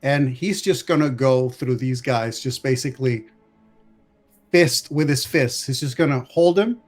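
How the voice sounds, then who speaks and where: A man's voice: mid-range voice, a little slow, darkish tone, faint music behind. A man playing a tabletop game, casually describing what his character does. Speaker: player. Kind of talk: narrating own character's actions.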